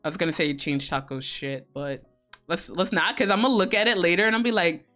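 Woman streamer, lowish voice, teasing and foul-mouthed, laughs a lot, faint music underneath. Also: fairly quick, fairly bright tone. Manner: giggly, teasing and profane, greets viewers by name. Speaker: streamer hosting a co-working stream. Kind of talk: casual live-stream chat with viewers.

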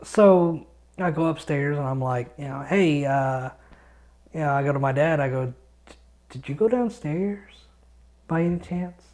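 An excitable man tells stories on a casual podcast, with plenty of swearing. He records from his home studio. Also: a little high, a little slow, pauses often. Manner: excitable storyteller, swears a lot. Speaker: podcast co-host.

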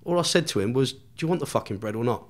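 A man with a mid-range voice tells a wild story in casual chat, swearing with nearly every breath and laughing at his own tale. His telling is loose and animated, full of restarts. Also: medium pitch, rapid-fire. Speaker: podcast guest.

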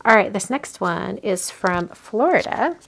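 Opening cards from viewers on her casual card-making livestream, a woman gushes and chats, filling her thinking-aloud with fillers. Her mid-range voice is animated, gravelly, and fairly bright, a little slow, with a little hiss or hum in the audio.

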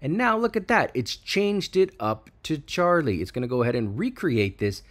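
A man hosting a tech channel, chatting excitedly through a screen-recorded software walkthrough and hyping each feature. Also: a little high, moderate pace.

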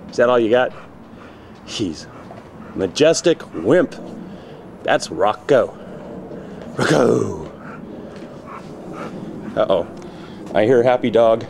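A man filming his dogs in his backyard on a handheld camcorder, teasing them and egging them on in casual home-video chatter. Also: mid-range voice. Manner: playful, eggs the dogs on with teasing shouts. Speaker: dog owner filming his pets. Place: backyard outdoors. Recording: noisy home camcorder audio. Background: dogs playing.

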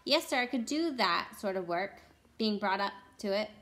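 A woman's voice: medium pitch, lively intonation, normal speed, fairly bright tone, lightly acted. Woman reading as a humble, folksy cab driver. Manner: plain, folksy, deferential. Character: humble old-fashioned working man, a cab driver. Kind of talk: storybook read-aloud.

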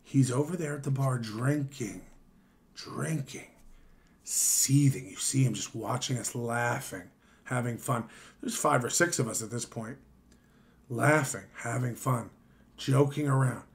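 A worn-out man streaming late at night, recounting a wild story in a loose, casual way. He talks in an animated manner, swears freely, and slips into voices to mimic the people involved. His voice sits at an everyday middle pitch. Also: unhurried. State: tired.

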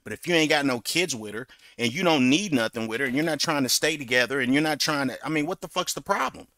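A man's voice: mid-range voice, quick pace, bright, forceful tone, no room sound. A man giving blunt, mocking, profane commentary on bodycam footage, closing points with a catchphrase.

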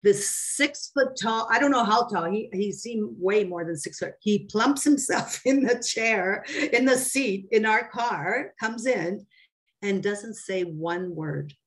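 A woman's voice: medium pitch, takes it slowly. A woman preaching on a video call, telling personal testimonies in a rambling, conversational way with many fillers and restarts. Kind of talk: testimony in an online sermon.

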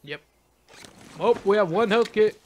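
Brief: high-pitched young man, let's-play host, shouts at enemies, laughs a lot, noisy home mic. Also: unhurried. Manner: excitable, shouting at the game, laughing. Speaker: gaming channel host. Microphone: face cam desk mic.

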